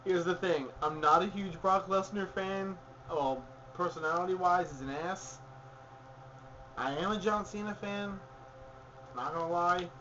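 A fairly high-voiced man chats loosely about the week's wrestling, rambling and opinionated, stopping to correct himself as he goes. The recording is dull and lo-fi with a faint hiss behind him. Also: measured pace, sharp tone. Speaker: podcast co-host. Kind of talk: casual wrestling recap chat.

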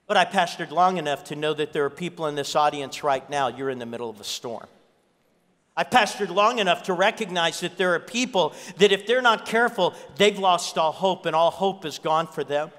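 A man with a high, ringing voice preaches to his church, telling stories and hammering points home by repeating them. His voice carries a long reverb through the hall. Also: animated, fairly quick, a bit bright. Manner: storytelling preacher, repeats key lines for emphasis. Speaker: pastor. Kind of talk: sermon.

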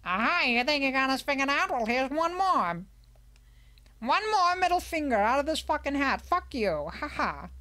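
A young woman streamer giving casual gameplay commentary, excitable and swearing often. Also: high-pitched, normal speed. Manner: excitable, swearing, shrieks and laughs.

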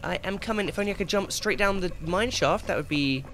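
A man giving excitable let's play commentary, swearing and shouting at the game as he plays. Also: high voice, fairly quick, slight background noise. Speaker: gaming channel host. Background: game music and sound effects.

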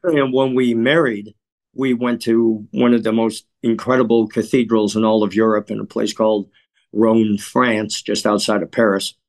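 A man from Chicago, a guest in an interview, telling stories in a measured, earnest way and often clearing his throat. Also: fairly low pitch, little pitch movement, darkish tone. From Chicago, USA. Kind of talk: reflective interview storytelling.

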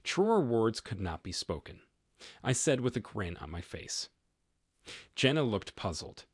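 A man's voice: lowish voice, big pitch swings, unhurried, slightly rough, dry recording, clean studio sound. A man narrating a first-person story in a plain, matter-of-fact way.

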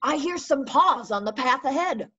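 A woman's voice: high voice, animated, moderate pace, pushed and bright. A woman voicing a big, hungry, gullible monster in a storybook read-aloud over a video call. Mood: gruff. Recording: dull lo-fi video call audio.

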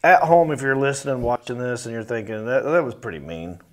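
A man's voice: medium pitch, very animated, brisk. A man hosting a comedy podcast, talking in a playful, mock-indignant way and stretching out his sign-offs. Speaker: podcast host. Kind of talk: casual comedy podcast chat.

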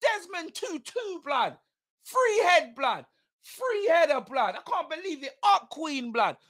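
A woman reacting live to a football match as a streamer, excitable, swearing and shouting at the play. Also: very high-pitched, slow.

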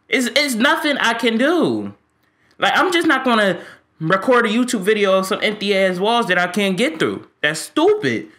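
A man's voice: very high-pitched, bright, forceful tone. A man giving ranting, profane commentary on a game he is fed up with, stammering when frustrated. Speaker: gaming YouTuber.

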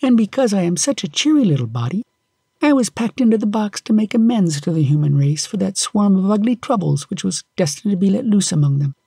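A man's voice: sits high, very animated, a little fast, vocal fry, mellow, breathy edge, no room sound, clean studio sound, voice pushed up, heavily acted. A man voicing a cheerful little female fairy spirit with a coaxing, playful way of speaking. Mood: gentle.

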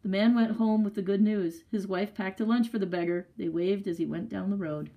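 A woman leading a library story time, reading a picture book aloud to children with expressive storytelling and chatty asides. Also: mid-range voice, fairly quick, phone-quality sound.

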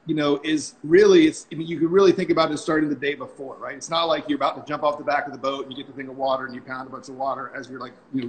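Casual instructor in his forties, a man with a slightly high voice who tells stories and checks in with "right?" over a call mic. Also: slight background noise, low-quality recording. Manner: chatty, tags sentences with "right?". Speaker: freediving instructor and guest. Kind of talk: casual storytelling on a live stream. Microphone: phone or computer mic on a video call.

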